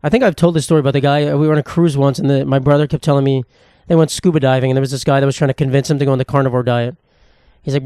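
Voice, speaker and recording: A young man hosting a casual solo podcast, rambling and joking with lots of profanity and quick asides. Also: mid-range voice, fairly even intonation, dark tone, smooth, dry recording, clean studio sound. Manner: rambling, profane, jokey, fast-talking. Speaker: podcast host.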